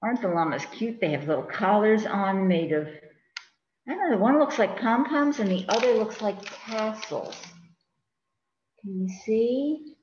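A woman's voice: mid-range voice, a little slow, a little hiss or hum. A woman reads a picture book aloud to young children, and her voice rises and falls a lot. She chats along and keeps asking the little listeners questions. The room echoes and the sound is a little dull. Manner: animated, chatty, asks children questions. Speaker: children's librarian. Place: in front of a green screen.

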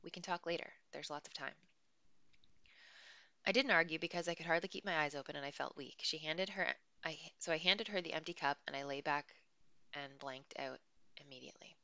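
Woman reading a book out loud, low voice, crisp and sharp tone, slow careful pace. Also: dry recording. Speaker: audiobook reader. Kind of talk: reading a novel aloud.

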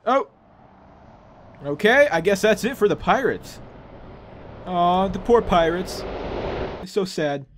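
Excitable high-voiced man gaming. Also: unhurried, pauses often, slight background noise. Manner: excitable, loud exclamations, jokey. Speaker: gaming channel host. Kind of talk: let's play commentary.

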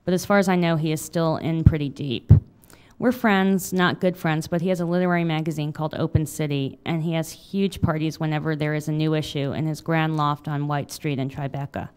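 A woman in her thirties, an author reading a confessional memoir aloud in a wry manner, then answering questions with halting fillers. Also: deep voice, fairly even intonation, a little mellow, clean tone. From United States. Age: 30s.

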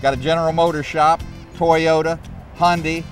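A man's voice: fairly high pitch, little pitch movement, normal speed, far from the mic, faint music behind. A man hosting a car dealership show, bantering in a folksy, joking, salesy way. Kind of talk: casual promotional banter.

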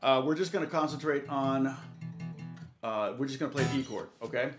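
A middle-aged man teaches guitar in a live lesson, pausing often with fillers and starting sentences over. Guitar and drum music plays behind his average-pitched voice. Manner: hesitant, many fillers and restarts, counting beats aloud. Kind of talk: live guitar lesson, answering viewer comments. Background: guitar playing.

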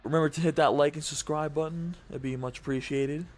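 A man's voice: a little high, fairly even intonation, a little fast, soft background music. A tired young man hosting casual gameplay commentary, profane and cranky, swearing constantly. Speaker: gaming channel host.

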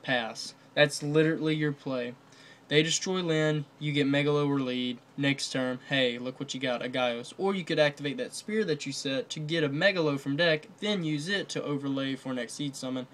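A man's voice: fairly high pitch, normal speed, a bit bright, a little hiss or hum. A man casually commenting on a card game ban list, rambling with many fillers and restarts. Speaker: card game video host.

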